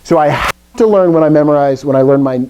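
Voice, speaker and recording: A man's voice: a little high, quick pace, darkish tone, slight background noise. A middle-aged man teaching a classroom language lesson, explaining rules step by step with jokey asides. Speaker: Greek teacher. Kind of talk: classroom lecture.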